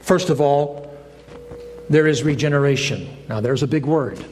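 In an unhurried, slightly high and a little mellow voice, a male pastor shares a joke during a folksy sermon, acting out the different voices. Long church-hall reverb surrounds him.

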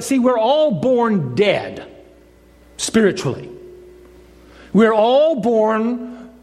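A pastor whose voice sits high preaches in a folksy storytelling style, working a joke into the sermon and playing out its voices. The sound echoes with the long reverb of a church hall.

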